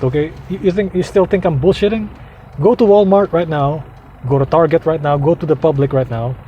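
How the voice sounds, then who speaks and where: A man's voice: fairly high pitch, lo-fi sound. A man vlogging an angry, profane rant to his viewers, heated and repetitive. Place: outdoors, heading out to drive. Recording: noisy outdoor traffic.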